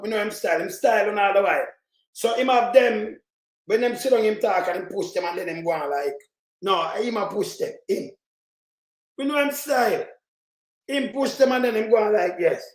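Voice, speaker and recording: A man's voice: high voice, echoey room. A Jamaican man giving heated, mocking commentary in patois as he reacts to played clips. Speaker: political commentator.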